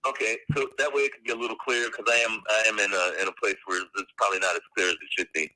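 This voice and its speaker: Fast, bright-voiced man calling in. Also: fairly low pitch, fairly even intonation, rough recording. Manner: hesitant, full of fillers, then rushes on. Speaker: caller on a talk radio show. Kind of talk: online radio discussion.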